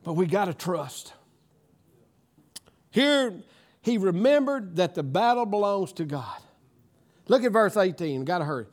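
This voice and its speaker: A middle-aged man preaching a sermon, telling a personal story with emotion and tears that build into loud praise. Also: high-pitched, sing-song, a little slow, long pauses. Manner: emotional, tearful storytelling that rises to shouted praise. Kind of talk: sermon testimony.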